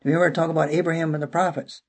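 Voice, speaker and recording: A man preaching a sermon in a high, gravelly voice with a husky, dark edge. He teaches verse by verse, emphatic, dropping "okay" between points and often restarting his phrases. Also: flat delivery, very fast.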